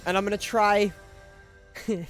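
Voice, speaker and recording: A man's voice: sits high, fairly even intonation, takes it slowly, a bit bright, soft background music. A man streaming a video game, chatting casually to his viewers in a rambling, profane way, often cutting himself off and chuckling.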